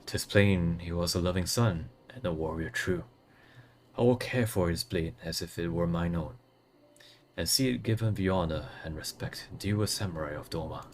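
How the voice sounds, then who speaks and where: A man's voice: deep voice, moderate pace, a little hiss or hum. A man voicing a courteous, dignified young lord who speaks in formal, courtly phrases. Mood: respectful.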